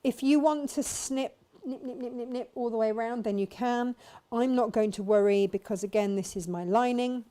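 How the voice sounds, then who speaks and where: A woman's voice: a little high, normal speed, mellow. A woman chatting casually as she demonstrates sewing and answers viewers' questions. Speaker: sewing teacher and shop host.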